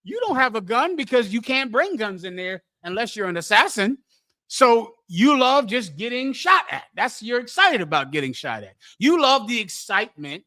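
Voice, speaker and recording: A man's voice: sits high, bright, forceful tone. A man preaching a fiery sermon in a mocking, scolding rant.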